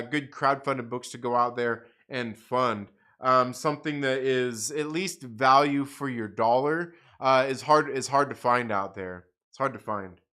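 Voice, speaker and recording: A man with a medium-pitched, bright, forceful voice runs a casual livestream full of swearing. He laughs and rants at the chat, going over the same points again and again.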